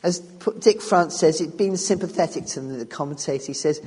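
A man's voice: a little high, moderate pace, darkish tone, slightly rough. A man preaching a sermon on scripture, emphatic and repeating key phrases as he restarts his sentences. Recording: long reverb of a large hall.

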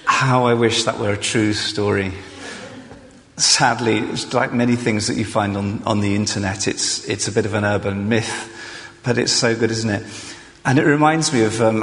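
Chatty male preacher, self-deprecating, low voice, church hall reverb. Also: fairly even intonation, normal speed, fairly bright tone. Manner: conversational, self-deprecating, with fillers. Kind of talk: sermon.

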